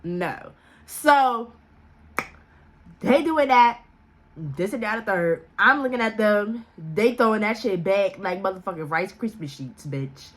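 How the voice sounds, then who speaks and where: A woman telling a casual story as a vlogger, animated and profane, laughing often and acting out the voices she quotes. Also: slow pace. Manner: acts out quoted voices with big pitch jumps.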